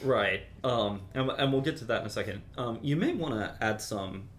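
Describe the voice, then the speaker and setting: A man teaching a private composition lesson, explaining in a relaxed, chatty way with many ums. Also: mid-range voice, moderate pace, slight background noise. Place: university music lesson room.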